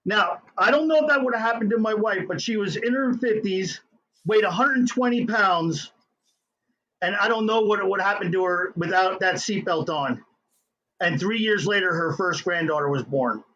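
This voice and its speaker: A middle-aged man, an inventor telling his story as an interview guest in an excitable, hyper way. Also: high-pitched, normal speed, lo-fi sound.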